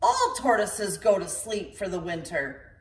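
A woman's voice: mid-range voice, huge pitch swings, unhurried. A woman voicing a grumpy old male tortoise father who scolds in a dismissive tone, in a storybook reading. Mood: grumbling. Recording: roomy, from far off.

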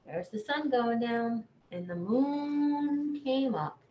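A woman librarian reading a bedtime picture book aloud, gently talking to young children in an echoey room. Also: a little high, expressive, slow pace, lo-fi sound, a little hiss or hum. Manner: gentle, sing-song, talks to children.

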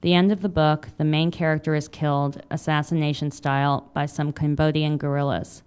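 A woman in her thirties, an author reading a confessional memoir aloud in a wry manner, then answering questions with halting fillers. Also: deep voice, level tone, darkish tone, clear, resonant tone. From United States. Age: 30s.

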